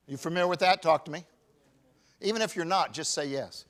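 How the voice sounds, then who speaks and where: A pastor in his fifties preaching a sermon, swinging from shouted emphasis to quiet, personal confession. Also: a little high, fairly quick. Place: church.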